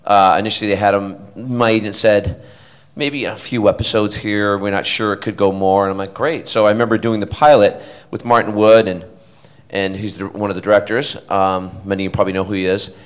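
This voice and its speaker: Lively man telling stories on stage. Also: fairly low pitch, clear, resonant tone. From Canada. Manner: animated, self-deprecating, quick to act out voices. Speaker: guest actor on a convention panel. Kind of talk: anecdotal storytelling to a live audience. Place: convention hall stage. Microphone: handheld stage mic.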